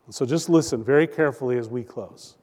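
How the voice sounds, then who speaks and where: A man's voice: mid-range voice, quick pace, a little mellow, in a large hall. A man preaching a sermon as pastor, earnest and emphatic, stretching out key phrases.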